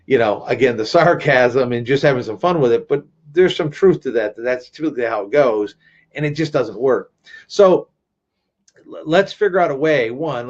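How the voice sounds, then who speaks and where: A man's voice: mid-range voice, lo-fi sound. A man presenting a workplace training webinar in a conversational way, often checking in with "right?" and adding sarcastic asides.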